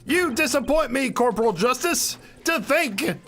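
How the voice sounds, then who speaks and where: A man's voice: very high voice, lively intonation, a little slow, pushed and bright, a little hiss or hum, voice pushed up, exaggerated voice. A man voicing a bossy boy who plays soldier, barking military-style orders in a game read-along. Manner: barking drill-sergeant delivery.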